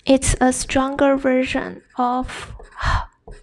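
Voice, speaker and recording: A woman giving a whispered ASMR lesson, speaking softly and breathily and repeating words slowly. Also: high-pitched, completely flat delivery. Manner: slow, soft and breathy, with many repeated words. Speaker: ASMR Spanish teacher.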